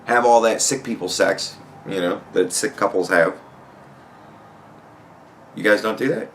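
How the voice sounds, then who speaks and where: A man's voice: fairly low pitch, unhurried, a bit bright, slight background noise. A man hosting a podcast in a casual, rambling comedic monologue, swearing freely and laughing often. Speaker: podcast host.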